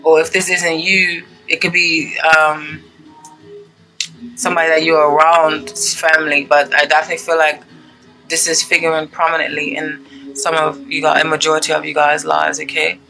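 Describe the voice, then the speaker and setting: A woman's voice: low-pitched, little pitch movement, normal speed, gravelly, pushed and bright, soft background music, poor audio. A woman giving a casual tarot reading to her viewers, chatty and gushing, checking in with "okay?" often. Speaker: tarot reader.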